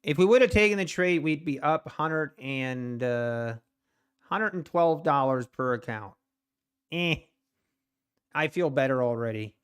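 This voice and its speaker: A man streaming his day trading live, talking casually to his chat in an animated, self-mocking way, exclaiming in disbelief. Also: a little high, a little slow, pauses often, clean tone.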